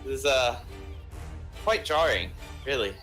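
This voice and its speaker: A man's voice: mid-range voice, lively intonation, measured pace, a bit bright, soft background music. A man voicing a flustered young dad in a tabletop game, stammering and hesitant.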